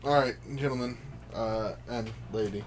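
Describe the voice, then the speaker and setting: Man, mid-pitched voice, hesitant, self-deprecating, casual chat, faint background noise. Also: steady tone, normal speed. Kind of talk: casual chat, reading out lyrics.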